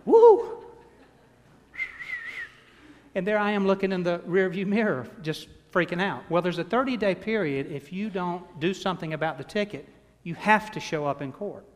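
Animated pastor in a reverberant sanctuary. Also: male voice, high voice, brisk, hardly any pauses. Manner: animated, self-deprecating storyteller. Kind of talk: sermon with personal storytelling. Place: church sanctuary. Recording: long reverb of a large hall.

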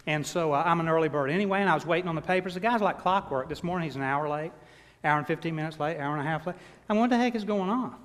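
A pastor in his sixties, preaching in a church with a slightly high-pitched voice. He tells stories in an animated, self-deprecating way. A long hall reverb trails each phrase. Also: very fast, hardly any pauses. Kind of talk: sermon with personal storytelling. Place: church sanctuary.

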